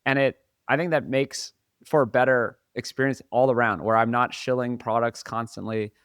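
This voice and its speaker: A man's voice: medium pitch, fairly even intonation, normal speed, fairly bright tone, clear, resonant tone, no echo, clean studio sound. A man co-hosting a podcast, talking earnestly and laughing easily in casual chat. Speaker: podcast co-host.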